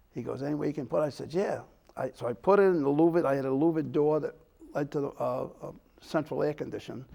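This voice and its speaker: Gravelly older man telling a story. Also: fairly high pitch, darkish tone. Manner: rambling storyteller acting out quotes. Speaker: host. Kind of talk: casual storytelling chat.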